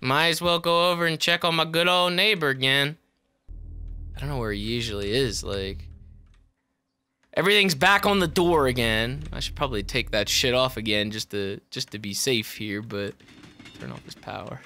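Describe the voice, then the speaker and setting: A man's voice: mid-range voice, normal speed, bright, forceful tone, smooth. A man giving let's play commentary who swears a lot, yelps when startled and jokes to himself between bursts. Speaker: gaming YouTuber.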